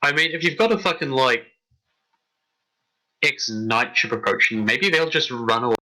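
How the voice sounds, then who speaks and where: A man's voice: medium pitch, expressive, moderate pace, bright, forceful tone, low-quality recording. A man playing a tabletop game, chatting casually with eager questions. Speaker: player.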